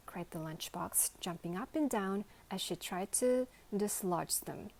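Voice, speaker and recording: Bedtime storyteller lady from korea, reads real slow. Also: medium pitch, animated, gravelly, darkish tone, rough recording. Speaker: reader, mother. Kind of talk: bedtime audiobook reading.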